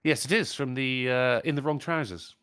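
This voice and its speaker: A man's voice: medium pitch, moderate pace, clean tone. A man hosting a podcast, joking and swearing freely in casual banter while reading out donations. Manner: animated, jokey, swears freely.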